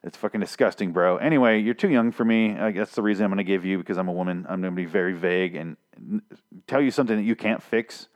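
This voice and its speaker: A man's voice: fast, close to an everyday voice. A man voicing a dismissive, vague teenage girl in a mocking parody. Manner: mocking, exaggerated falsetto parody.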